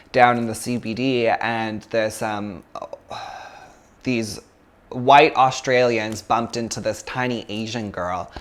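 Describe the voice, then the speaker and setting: A man's voice: mid-range voice, a bit bright. A man teaching a yoga class, talking in a loose, chatty way and telling stories with plenty of fillers. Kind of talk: casual talk to a yoga class.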